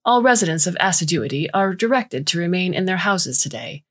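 A woman voicing a robotic corporate alert system that makes announcements with a discordant calm. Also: lowish voice, brisk, husky. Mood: calm commanding.

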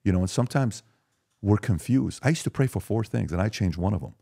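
A man in his forties, a podcast guest, talking emphatically and telling lively stories in casual conversation. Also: fairly low pitch, brisk, creaky, breathy edge.

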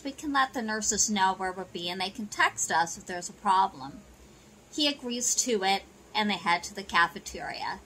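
In a sharp, medium-pitched voice, a woman gives a chatty recap of a soap opera episode, relying on "you know" and "she goes." Slight background noise mars the low-quality recording.

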